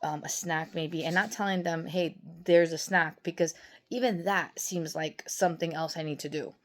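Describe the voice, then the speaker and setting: A woman's voice: deep voice, normal speed. A woman in her forties, a nurse practitioner, giving parenting advice in a casual, conversational way, often acting out little parent-and-teen exchanges. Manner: warm, conversational, acts out parent-teen dialogue, many restarts. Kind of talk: casual advice talk to camera.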